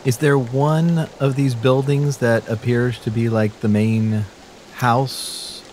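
Male player, mid pitch, hesitant questioning, faint rain behind. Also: little pitch movement, slow pace, darkish tone, slight background noise. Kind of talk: in-character tabletop chat.

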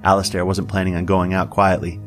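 A man narrating a story in an even, measured audiobook style. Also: low voice, soft background music.

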